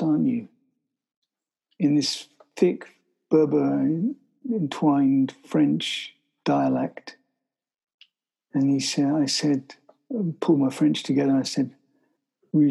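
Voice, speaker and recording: Gravelly man telling a survival story. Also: mid-range voice, warm tone, poor audio. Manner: halting, restarts sentences, vivid storytelling. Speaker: interview guest. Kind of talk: storytelling in conversation.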